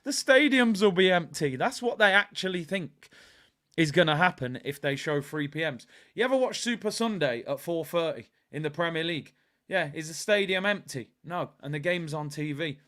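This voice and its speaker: A man from England hosting a casual football watchalong stream, chatty and excitable, rambling with lots of fillers. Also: a little high, moderate pace. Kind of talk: casual live-stream chat.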